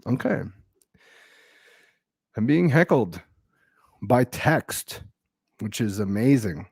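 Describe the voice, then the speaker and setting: A man's voice: medium pitch, big pitch swings, slow, gravelly, pauses often, a little mellow, slightly rough, no echo, studio quality. A middle-aged man doing a loose, crude stand-up set over a video call, riffing on comments typed by his audience. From Filipino-American. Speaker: stand-up comedian. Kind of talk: stand-up set on a virtual comedy show.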